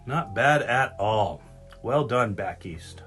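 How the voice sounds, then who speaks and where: A man hosting a casual podcast, jokey and animated, swearing casually as he talks. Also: fairly low pitch, takes it slowly, faint music behind. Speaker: podcast host.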